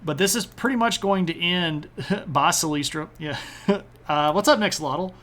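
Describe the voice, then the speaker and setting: Male history streamer, slightly high voice, casual and jokey, answers chat, chuckles. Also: a bit bright. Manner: joking, does quick silly voices for nations.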